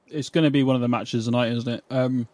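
A man's voice: mid-range voice, steady tone, quick pace, darkish tone, no room sound. A man co-hosting a wrestling podcast in casual chat, thinking aloud with ums and tag questions. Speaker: podcast co-host.

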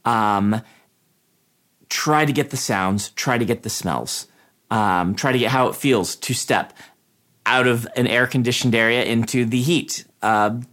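Guy on a writing podcast giving tips, steady, some ums. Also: mid-range voice, unhurried. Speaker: writing teacher and podcast co-host. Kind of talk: casual chat.

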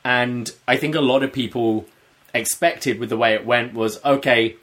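Co-host, male, mid-pitched, measured and analytical with a dry wit. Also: fairly even intonation, fairly bright tone. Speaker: podcast co-host. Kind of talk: casual wrestling chat.

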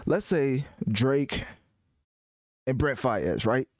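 A man giving casual music commentary in a rambling, animated way, often restarting his sentences. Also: medium pitch, very slow, no room sound.

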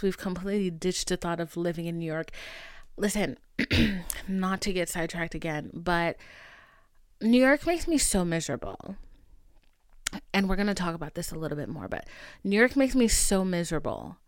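Young female podcast host, casual and animated, acts out dialogue; dry, close sound. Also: medium pitch, normal speed, no room sound. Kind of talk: casual chat.

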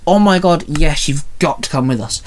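A man voicing a bubbly, chatty teenage girl who gushes excitedly. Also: on the high side, normal speed, slight background noise, lightly acted. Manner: gushing, excitable.

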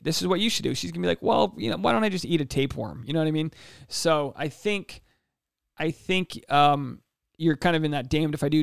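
Gravelly-voiced man in his thirties hosting a podcast. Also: a little high, no echo, clean studio sound. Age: 30s. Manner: casual, jokey advice with quick asides. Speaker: podcast host. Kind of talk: solo podcast, reading listener questions. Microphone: podcast mic in a home studio.

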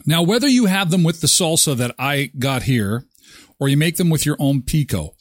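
Animated, husky-voiced male host. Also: a little high, normal speed, dry recording, clean studio sound. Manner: jokey, animated, rambling. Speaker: morning show host. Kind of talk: casual chat with ad reads.

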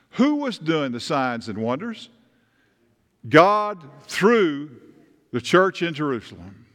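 Male pastor, fairly high voice, chatty sermon, church hall reverb. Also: fairly bright tone. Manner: conversational, asks the congregation questions. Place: church sanctuary.

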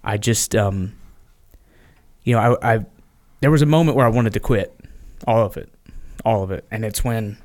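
A man speaking as a podcast guest, earnest and halting, often restarting his sentences, and sounding tired. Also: on the low side, a little mellow. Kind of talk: candid conversation.

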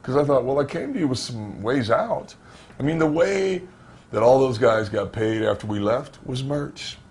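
His mid-range voice is husky and his pace moderate as this former professional wrestler shares stories from his career in an interview. He performs the quoted dialogue with lively energy.

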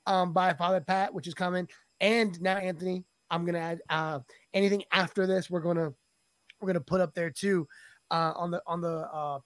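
A man hosting a podcast, upbeat and joking, with quick asides. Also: high-pitched, no echo. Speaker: podcast host.

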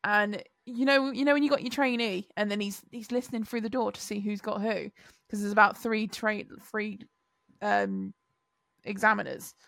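A woman co-hosting a podcast in casual chat. She is excitable and laughs often. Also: medium pitch, normal speed, vocal fry, no room sound. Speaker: podcast co-host.

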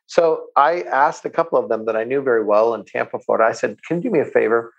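A man's voice: mid-range voice, lively intonation, fast talker, gravelly, lo-fi sound. A man being interviewed, talking with enthusiasm and often repeating words as he starts a sentence. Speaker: guest. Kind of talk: interview answers, storytelling.

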